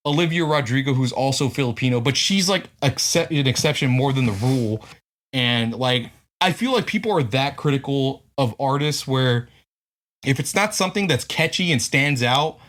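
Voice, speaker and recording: A man's voice: mid-range voice, fairly bright tone. A man co-hosting a casual podcast, thinking aloud with frequent restarts. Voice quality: hesitant, many restarts and "like" fillers. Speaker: podcast co-host. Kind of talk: casual chat.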